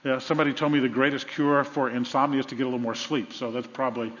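Southern US pastor preaching in an echoey hall. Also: male voice, mid-range voice, quick pace, background noise. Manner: animated storytelling with repeated phrases. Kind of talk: sermon. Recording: echoey hall, dull lo-fi sound.

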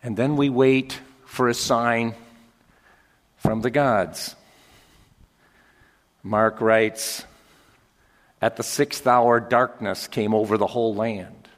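Male preacher, dramatic sermon, slow and deliberate, shifts from whisper to shout, long hall echo. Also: mid-range voice, steady tone. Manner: dramatic swings from hushed whispers to shouted climaxes. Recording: long reverb of a large hall.

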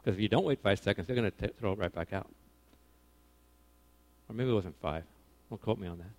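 A man preaching a casual sermon to young people, animated, swinging between loud emphasis and quiet asides, often correcting himself. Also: mid-range voice, fast. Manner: casual, self-correcting, informal phrasing.

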